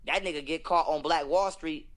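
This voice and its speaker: A man's voice: on the high side, normal speed, fairly bright tone. A young man, talking in an emphatic, profane, preachy rant as a podcast guest. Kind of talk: heated casual conversation.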